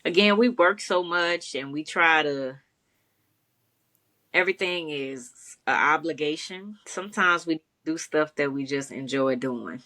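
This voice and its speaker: Low-voiced encouraging woman co-host. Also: measured pace, sharp tone. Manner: easygoing, encouraging, laughs often. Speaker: podcast co-host. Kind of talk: casual chat.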